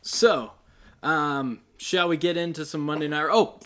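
A man's voice: on the high side, unhurried, fairly bright tone. A man hosting a podcast in casual, joking chat with his co-host. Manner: joking, wry, chatty.

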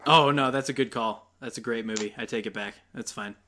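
A man's voice: medium pitch, fairly quick, bright, forceful tone, a little hiss or hum. A man hosting a podcast in casual, joking chat with his co-host. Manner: joking, wry, chatty.

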